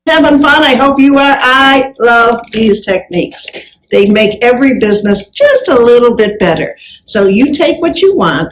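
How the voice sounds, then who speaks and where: A woman's voice: a little high, moderate pace, a little hiss or hum, low-quality recording. A woman giving a live motivational business talk on stage, telling anecdotes and acting out the dialogue. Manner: lively storyteller who acts out dialogue. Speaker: business speaker.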